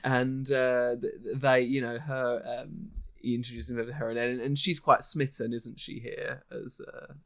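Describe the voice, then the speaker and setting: A man's voice: medium pitch, little pitch movement, normal speed, creaky, few pauses, a bit bright. A man co-hosting a podcast, chatting casually about a horror film, rambling with many fillers and restarts. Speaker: podcast co-host.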